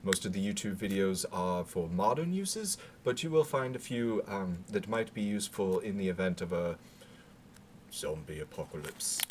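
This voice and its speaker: A man speaking in a put-on British accent, rambling through a casual gear walkthrough with halting fillers and dry asides. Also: fairly low pitch, a little hiss or hum. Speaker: gear demonstrator.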